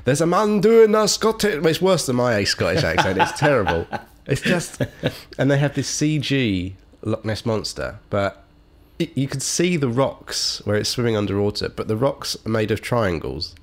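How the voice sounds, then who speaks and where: Animated British man ranting about films. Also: on the low side, moderate pace. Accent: British English. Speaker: podcast co-host. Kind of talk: casual film chat.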